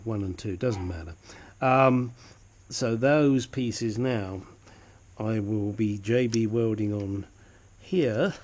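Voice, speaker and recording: A man's voice: fairly low pitch, a little mellow, a little hiss or hum. A man gives a casual, hands-on repair tutorial from his home workshop. He talks chattily and drops joking asides as he works. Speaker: DIY car repair vlogger.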